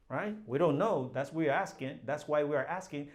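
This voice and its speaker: A man's voice: on the high side, moderate pace, hardly any pauses. A man teaching a Spanish lesson, explaining each phrase patiently and repeating the examples with rising emphasis. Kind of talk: slow language lesson.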